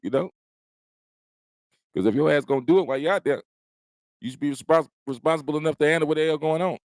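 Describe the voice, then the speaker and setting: This man speaks on the higher side and talks fast, with no echo in the recording. He's a comedian running a casual stream from his house, puffing on a smoke and wandering through profane, easygoing stories about home life.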